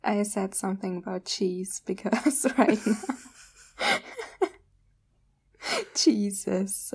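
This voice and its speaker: A woman's voice: medium pitch, gravelly, slightly rough. Giggly woman. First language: German. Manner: giggly, quick to laugh. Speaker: podcast co-host. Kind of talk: casual chat.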